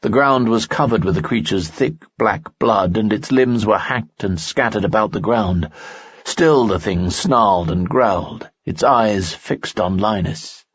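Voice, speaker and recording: Male audiobook narrator, slow and steady, low husky voice, dull dry recording. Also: dry recording. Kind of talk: scripted narration.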